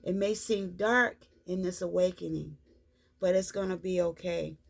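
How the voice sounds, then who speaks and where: A woman reads oracle cards for her viewers in an unhurried, drawn-out way, leaning on the same reassuring phrases again and again. Her voice has a gravelly, creaky edge, and her pitch sits in an ordinary middle range. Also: steady tone. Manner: slow, repetitive, reassuring delivery. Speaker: spiritual card reader. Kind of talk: tarot-style card reading vlog.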